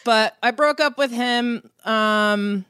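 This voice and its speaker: A woman's voice: on the high side, slow pace, very noisy. Chatty young woman from Connecticut. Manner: rambling and laughing, many fillers and restarts. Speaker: guest. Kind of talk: casual chat.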